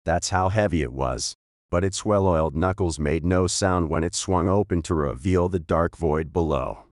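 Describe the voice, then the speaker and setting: A man reads a story aloud at a steady, measured pace. His voice sits low, and the recording is dry and close. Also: no echo. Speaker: narrator. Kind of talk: audiobook narration.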